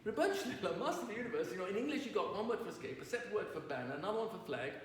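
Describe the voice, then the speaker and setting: A man's voice: sits high, expressive, racing. A man, a rabbi, giving a lecture to an audience, telling stories and asking the audience questions. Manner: storytelling, asks the audience questions. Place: lecture hall. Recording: roomy distant recording with faint noise.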